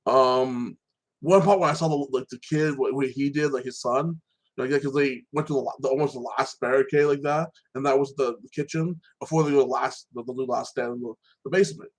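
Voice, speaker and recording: A man's voice: medium pitch, fairly even intonation, a little fast, low-quality recording. Guy rambling thru a tv episode recap on his podcast, lots of restarts, ordinary mid voice. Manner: rambling, frequent restarts, keeps adding "like that". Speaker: podcast host. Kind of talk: casual TV show recap.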